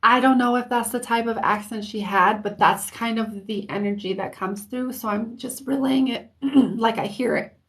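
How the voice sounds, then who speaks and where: A woman giving an intuitive reading on a live stream, hesitant and searching for words, with soft, comforting reassurance. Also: fairly high pitch, normal speed. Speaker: intuitive reader.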